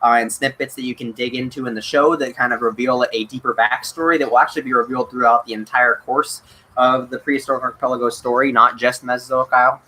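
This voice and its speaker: Bright-voiced man chatting on a livestream. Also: medium pitch, fairly even intonation, quick pace, a little hiss or hum, low-quality recording. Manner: eager and chatty, many ums and restarts. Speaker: livestream host answering chat questions. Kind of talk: casual livestream Q&A.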